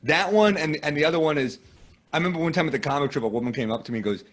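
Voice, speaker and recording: A man's voice: fairly high pitch, rapid-fire. A man from the United States, a guest comedian, telling self-deprecating stories in casual conversation. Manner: self-deprecating, lively storytelling.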